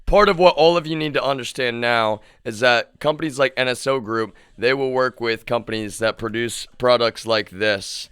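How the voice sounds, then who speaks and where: A man streaming live, ranting in an agitated, profane way at his viewers, dropping to low mutters and then bursting into shouts. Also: moderate pace, few pauses, clear, resonant tone, dry recording, clean studio sound. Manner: agitated, profane, keeps addressing viewers as "y'all"; swings between low muttering and shouted outbursts.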